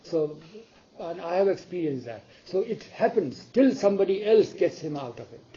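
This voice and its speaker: A man's voice: high voice, moderate pace, dull audio. A man retelling a spiritual story to an audience, acting out the dialogue and asking listeners questions as he goes. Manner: animated, acts out the dialogue, asks the audience questions.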